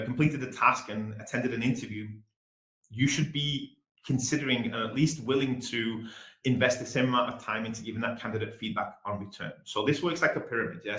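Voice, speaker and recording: A man with an English accent giving a fast-paced business webinar presentation. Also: medium pitch, reverberant, rough recording. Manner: fast-talking, energetic.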